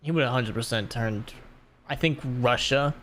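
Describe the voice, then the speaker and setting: A man's voice: medium pitch, moderate pace, a bit bright. Joking man on a podcast, faint hiss. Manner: joking, crude banter. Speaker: podcast host. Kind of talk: casual podcast chat.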